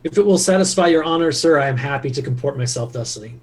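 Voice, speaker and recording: A man's voice: on the high side, animated, fast talker, darkish tone, lightly acted. A man voicing a solemn, courteous male knight who speaks in an archaic, courtly way in a tabletop game.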